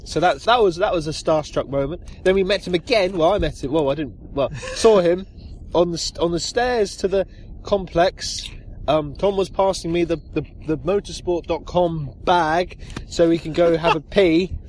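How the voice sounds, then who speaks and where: A man's voice: on the high side, moderate pace, a little mellow, slight background noise. A man co-hosting a casual podcast from inside a small tent, making dry, jokey asides. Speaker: podcast co-host. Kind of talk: casual chat.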